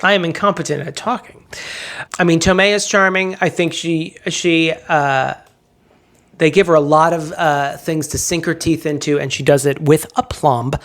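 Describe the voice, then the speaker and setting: A woman's voice: low voice, steady tone. A woman co-hosting a casual movie podcast who laughs often and teases her co-host. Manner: quick, laughing, teasing banter.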